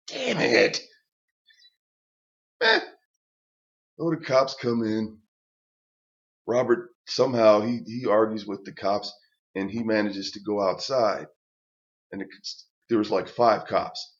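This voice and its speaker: A man's voice: on the low side, expressive, slow, creaky, pauses often, lo-fi sound. An older man telling a personal story as a casual, profane rant, blunt and stammering through restarts.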